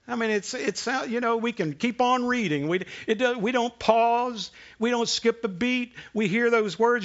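A man preaching a sermon in a conversational way, asking the congregation questions and dropping to a hush for emphasis. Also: very high voice, a little slow, lo-fi sound. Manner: conversational preaching, rhetorical questions, dramatic hushed drops. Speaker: pastor.

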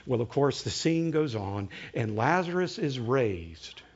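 A man preaching a sermon as a story, animated, slowing right down for dramatic retelling. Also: medium pitch, husky. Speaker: pastor. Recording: dull lo-fi recording.

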